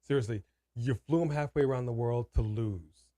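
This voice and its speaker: A man's voice: medium pitch, normal speed, warm tone, no room sound. Ranting man with dry, close sound. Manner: ranting, emphatic, repeats his points. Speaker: co-host. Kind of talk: casual chat on a live watch-party stream.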